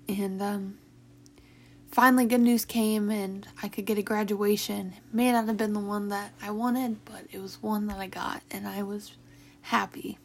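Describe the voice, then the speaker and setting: Young woman vlogger, mid-pitch voice, emotional and halting, sighs between restarts. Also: little pitch movement. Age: young adult. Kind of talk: personal confessional talk.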